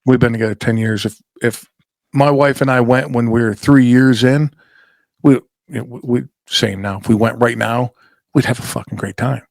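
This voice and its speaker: A man's voice: medium pitch, steady tone, moderate pace, creaky, a little mellow, dry recording. A middle-aged man hosting a laid-back podcast chat. He swears freely and tells stories in a loose, rambling way. His voice sounds dry and close, with no room around it. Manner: swearing, storytelling with acted-out quotes. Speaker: podcast host. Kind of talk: casual chat.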